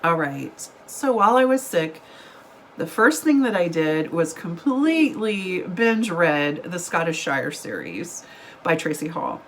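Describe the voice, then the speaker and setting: A woman's voice: on the low side, big pitch swings, unhurried, a bit bright, slight background noise, rough recording. A woman, a book vlogger chatting casually to camera over coffee, rambling and giggling, still getting over an illness. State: recovering from illness.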